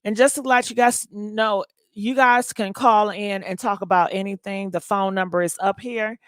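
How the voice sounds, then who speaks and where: A woman's voice: medium pitch, steady tone, normal speed, a bit bright, dry recording. A woman hosting a casual gossip livestream, chatting and thanking viewers for donations. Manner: chatty, reads donations and comments aloud.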